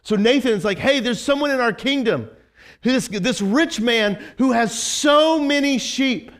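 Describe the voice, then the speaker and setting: A man's voice: extremely high pitch, expressive, unhurried, fairly bright tone. A male pastor giving a casual, conversational sermon, chatty and full of fillers and restarts.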